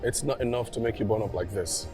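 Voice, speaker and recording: A man with a Nigerian accent playing a caring wealthy young man who gently urges her to get help. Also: lowish voice, fast, lightly acted. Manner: gentle, earnest urging. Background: film score music.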